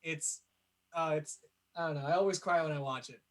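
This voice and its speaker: A man's voice: a little high, fairly quick, a bit bright. A young man co-hosting a podcast, chatting casually and enthusiastically, laughing often. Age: young adult. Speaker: podcast co-host. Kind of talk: casual chat.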